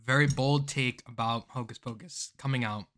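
A man co-hosting a casual podcast, animated and dramatic, prone to rants and outbursts. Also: medium pitch, moderate pace. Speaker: podcast co-host.

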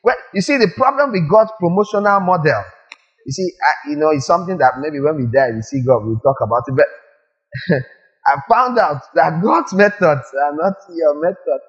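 A male preacher giving a lively sermon, firing rhetorical questions at the congregation and acting out little scenes. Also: a little high, moderate pace, lo-fi sound.

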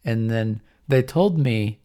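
A man's voice: medium pitch, slow, dark tone. A man hosting a podcast, chatting casually about music picks with frequent laughs and trailing fillers. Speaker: podcast host.

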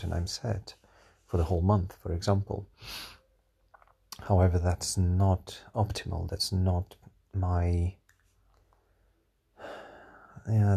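A young man with a gravelly, husky voice muses through a solo podcast episode from home. His accent blends British, American and Portuguese sounds, and he wanders between thoughts with sighs and restarts. His tone is dark and mellow. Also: low-pitched. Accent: mix of British, American and Portuguese. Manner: musing and rambling, with sighs and restarts. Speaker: podcast host.

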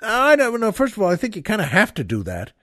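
A man's voice: sits high, huge pitch swings, a bit bright, no room sound, studio quality. Rambling older man telling a story. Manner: rambling, halting, with many restarts and asides to the listener. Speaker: podcast host. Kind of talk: casual storytelling monologue.

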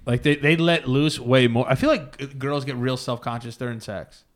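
A man's voice: mid-range voice, steady tone, normal speed. A young man guesting on a podcast, joking around in laid-back, crude banter.

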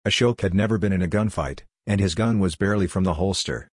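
Guy reading a story, super low voice, kinda husky, dry close sound. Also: fast talker, dry recording. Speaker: narrator. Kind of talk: audiobook narration.

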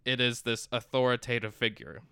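A man's voice: mid-range voice, animated, fairly quick, bright, forceful tone, smooth, no room sound, studio quality. A young man casually recapping a film as a podcast co-host, rambling with lots of fillers and restarts. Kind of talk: casual chat recapping a movie.

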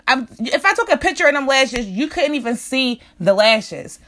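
High bright-voiced woman ranting angrily. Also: sing-song, normal speed. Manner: profane, heated, repetitive rant. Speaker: vlogger ranting about a salon visit. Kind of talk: angry storytime rant.

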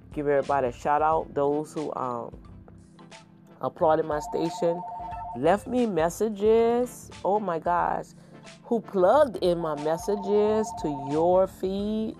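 A middle-aged podcast host talking in a loose, excitable and folksy way, repeating pet phrases like a preacher. The voice sits in an ordinary middle pitch. Soft music plays faintly underneath. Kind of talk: casual podcast monologue.

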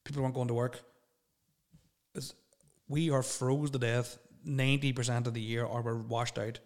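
A man's voice: mid-range voice, little pitch movement, moderate pace. A young man hosting a solo podcast, rambling and swearing bluntly as he answers listener questions. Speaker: podcast host.

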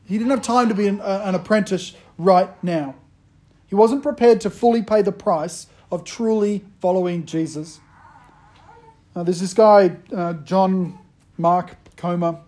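A pastor giving a sermon in a relaxed, humorous storytelling way, often joking with the congregation. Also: male voice, high voice, measured pace.

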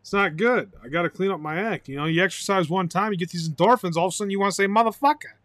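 A man talking solo on his own podcast, rambling excitably and swearing, breaking into loud outbursts and laughter. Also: sits high, racing, no room sound. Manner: excitable, swears loudly, bursts into shouting and laughter. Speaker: podcast host.

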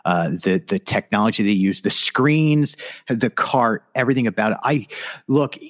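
A man co-hosting a podcast in casual chat, animated and enthusiastic. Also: fairly low pitch, moderate pace. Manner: animated, breaks into a put-on Canadian voice. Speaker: podcast co-host.

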